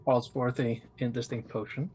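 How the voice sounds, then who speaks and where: A man's voice: mid-range voice, flat delivery, normal speed, darkish tone, slight background noise. A man at a tabletop game talks through what his character does in a loose, rambling way full of fillers. His voice sits in the middle range for a man. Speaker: player. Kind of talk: casual tabletop game play.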